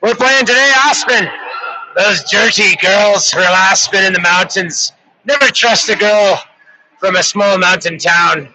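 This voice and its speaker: A man's voice: high-pitched, unhurried, sharp tone, a little hiss or hum, poor audio. A middle-aged Canadian man calling a youth hockey game in a put-on Irish accent, chatty and playful with rambling asides. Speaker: hockey play-by-play announcer. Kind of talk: joking live game commentary.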